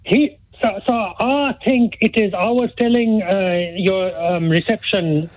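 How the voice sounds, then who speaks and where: A male radio phone-in caller, excitable and insistent, who keeps repeating himself. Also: high-pitched, a little slow. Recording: tinny phone line.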